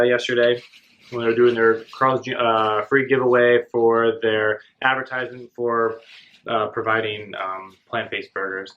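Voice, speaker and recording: A man with an ordinary mid-range voice chats between bites at a home table. He is relaxed and hesitant, filling his pauses with ums and uhs. The camera-mic recording sounds dull. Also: medium pitch. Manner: relaxed, hesitant, many fillers. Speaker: co-host, guest on the vlog. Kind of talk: casual mukbang chat.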